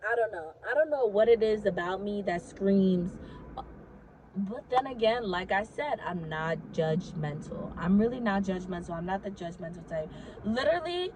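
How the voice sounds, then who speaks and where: A woman's voice: medium pitch, lively intonation, moderate pace, noisy background. A young woman telling a casual story to her vlog audience. She talks animatedly, swears freely and fills her sentences with "like".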